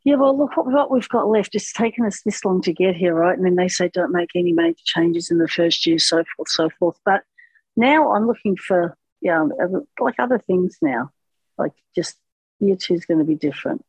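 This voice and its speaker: Woman, husky voice, encouraging, supportive chat, dry close sound, dull lo-fi. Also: fairly low pitch, lively intonation, normal speed, darkish tone, no room sound. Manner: encouraging, brief agreeing replies.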